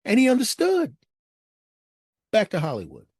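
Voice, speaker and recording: A man telling a personal story as a monologue, animated and acting out his friends' lines. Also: moderate pace, slightly rough, no room sound, clean studio sound. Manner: animated, acts out friends' lines in raised pitch.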